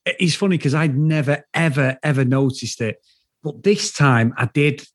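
Man, husky voice, fairly high, dry close sound, eager casual movie chat. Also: moderate pace, dry recording. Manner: enthusiastic, animated opinions. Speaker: podcast co-host.

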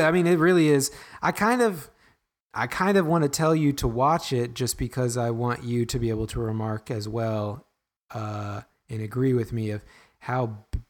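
A young man chats casually on a podcast, rambling and self-deprecating. His voice sits in a middle pitch. He trips over his words and restarts his sentences often. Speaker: podcast co-host.

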